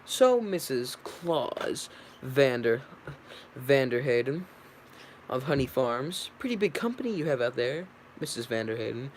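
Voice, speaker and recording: A man's voice: mid-range voice, sing-song, measured pace, slight background noise. A man voicing a brash young male bee lawyer, reading stumblingly with slips and restarts. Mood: cross-examining.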